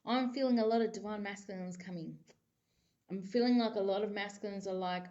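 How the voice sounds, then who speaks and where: A rambling, chatty woman gives a casual psychic tarot reading to camera, her speech full of filler phrases. Her pitch sits in a middling range. The audio is dull and muffled, like a lo-fi recording. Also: brisk, a little mellow.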